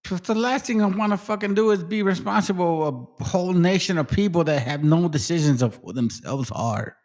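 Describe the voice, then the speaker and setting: A man hosting a casual livestream, his voice sitting a touch above the usual male range. He rambles in a loose, profane way, often dropping to a low mutter before picking back up. The tone is relaxed and unscripted. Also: a little fast. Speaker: livestream host.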